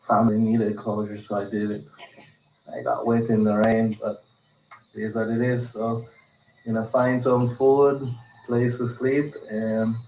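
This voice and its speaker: A man in a vlog clip, a missionary pilot speaking in a subdued, tired way. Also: on the low side. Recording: echoey vlog audio with ambient noise.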